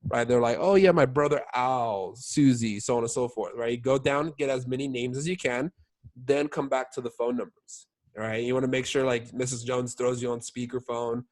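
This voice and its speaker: A man's voice: medium pitch, flat delivery, a little fast. A young man coaching his sales team in a casual training talk, full of "like" and "all right?" check-ins. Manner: filler-heavy, keeps checking in with "all right?".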